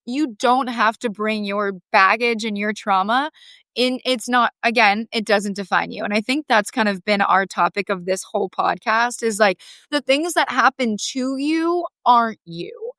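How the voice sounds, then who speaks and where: A young woman appears as a podcast guest and tells a personal story in a heartfelt, animated way, saying "like" a lot. Her voice is a little high and smooth at a moderate pace, and the recording is dry.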